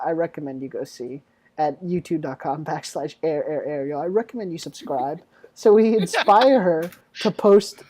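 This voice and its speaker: A man's voice: on the high side, a little mellow. A young man hosting a casual podcast chat, joking and teasing his guests and laughing often. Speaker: podcast host.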